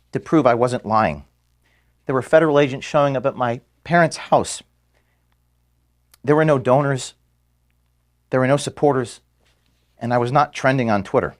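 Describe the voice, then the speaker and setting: A man, the founder of an organization, giving an earnest farewell speech to his staff in an office. He is emotional and halting, with restarts and pauses, and is being filmed. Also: medium pitch. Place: office room at headquarters. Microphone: filmed by camera.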